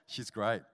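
A man preaching as a guest pastor at a church service, telling a humorous story before building to energetic exhortation. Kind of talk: sermon.

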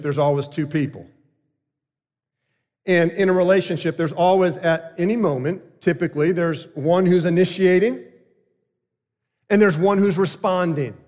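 A man's voice: on the high side, a little mellow. Earnest preaching man in a reverberant hall. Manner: earnest, emphatic preaching with pauses. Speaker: pastor. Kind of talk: sermon.

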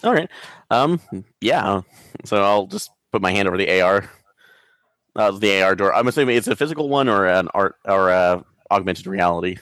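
A man's voice: sits low, animated, normal speed, fairly bright tone, no echo. A man playing in a tabletop game, chatting casually and asking the game master questions. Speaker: player.

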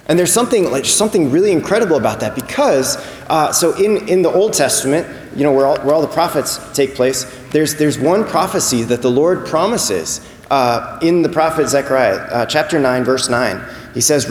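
A man delivers a sermon in a church, chatting more than orating, with frequent restarts and repeated words. His voice sits slightly high and rings in an echoey, reverberant hall with faint ambient noise. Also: animated, moderate pace. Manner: conversational, repeats words, acts out voices in quotes. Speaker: preacher.

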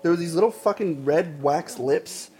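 A man's voice: on the high side, normal speed, darkish tone. A young man telling stories in blunt, profane, amused banter during casual podcast chat. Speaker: podcast co-host.

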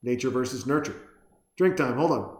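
A man's voice: medium pitch, lively intonation, moderate pace, darkish tone, roomy sound. A man casually reacting to a film at home over a beer, rambling, joking and swearing as he acts out lines. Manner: rambling, profane, jokey, acts out quotes. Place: home room.

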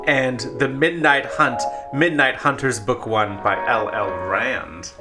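A man's voice: mid-range voice, takes it slowly, over music. A man co-hosting a podcast in casual chat, playful and jokey. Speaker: podcast co-host.

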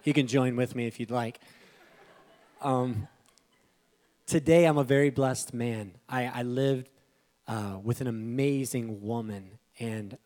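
A young man preaching a sermon from a church stage in a casual, emotional way, often breaking into loud excited bursts. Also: mid-range voice, takes it slowly, pauses often. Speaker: pastor.

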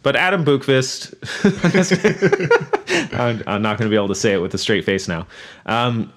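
A man's voice: mid-range voice, sing-song, measured pace, a bit bright. A man hosting a casual hockey podcast, joking around and laughing easily. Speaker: podcast host.

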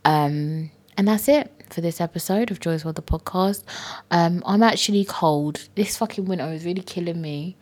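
A woman's voice: on the low side, moderate pace, a little mellow. A young woman hosting her own podcast, chatting casually with playful self-mocking asides and frequent swearing. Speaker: podcast host. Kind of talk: casual solo podcast chat.

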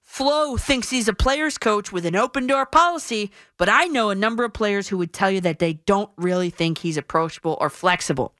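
A woman's voice: medium pitch, normal speed, few pauses, a bit bright, dry recording. A woman hosting a sports radio show, giving her opinions in a punchy, emphatic way into a studio microphone.

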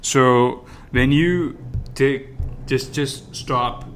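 A man's voice: mid-range voice, very slow, a bit bright, slight background noise. A man hosting an interview, asking long, rambling questions full of restarts and fillers. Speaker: podcast host.

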